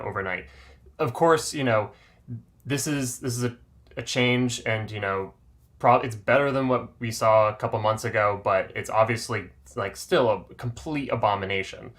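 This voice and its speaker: A man's voice: fairly low pitch, a bit bright. A man co-hosting a political podcast, thinking aloud with many fillers and restarts. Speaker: podcast host. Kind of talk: political discussion.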